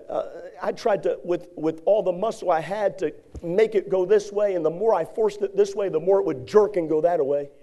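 High-voiced folksy male preacher. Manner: folksy, animated storytelling with acted voices. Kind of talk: sermon with a personal story.

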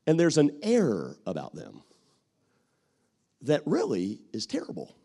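A man preaching a sermon as pastor, acting out what people say and rising to shouts at his peaks. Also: a little high, wildly swooping pitch, unhurried, creaky, slightly rough.

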